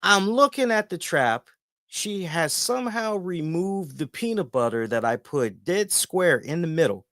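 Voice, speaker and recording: A man hosting a wrestling review show, chatting casually and telling stories in an animated way with lots of filler words. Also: a little high, a little slow, dry recording, clean studio sound. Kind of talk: casual chat.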